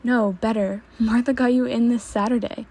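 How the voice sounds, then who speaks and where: A woman's voice: medium pitch, steady tone, normal speed, creaky, warm tone, slightly rough. Woman reading as cheerful young husband. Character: young adult man, cheerful caring husband.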